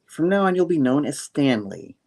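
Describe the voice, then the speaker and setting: A man putting on a goofy young hero, squeaky and high, cartoonishly excitable. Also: moderate pace, gravelly, exaggerated voice. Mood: friendly. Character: goofy chatty male superhero, young adult.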